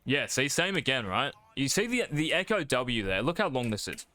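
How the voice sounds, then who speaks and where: A man's voice: medium pitch, sing-song, moderate pace, pushed and bright, no room sound. A man coaching a player over a live stream, blunt and profane, calling his student mate. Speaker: game coach.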